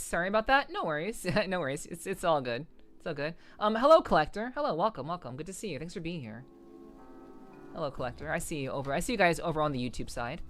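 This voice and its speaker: A young adult woman streamer chatting casually with her viewers, swearing often and restarting her words. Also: on the low side. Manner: swears a lot, stammering restarts. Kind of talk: casual live-stream chat.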